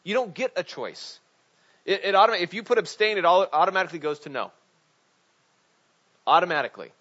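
A man preaching a sermon in a chatty, animated way, with frequent restarts and asides. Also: high voice, fast talker, husky. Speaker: pastor. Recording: dull lo-fi recording.

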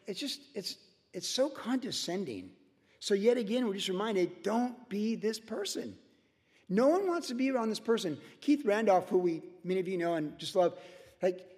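An older man preaching a verse-by-verse sermon to his congregation. He talks in a lively, conversational way and slips into mocking voices for his asides. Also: sits high. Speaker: pastor. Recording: echoey hall reverb.

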